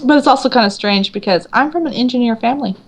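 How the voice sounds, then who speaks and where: A woman's voice: on the high side, fast talker. A woman author being interviewed, chatting casually and acting out quoted voices with frequent laughter. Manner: animated storyteller, acts out quotes, laughs often. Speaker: author guest.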